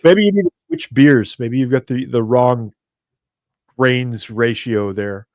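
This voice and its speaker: A man co-hosting a casual livestream, chatty and quick to laugh. He wanders into long asides in a mid-range voice. The sound is dry and close to the mic. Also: mid-range voice, a little mellow, no echo. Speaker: livestream co-host.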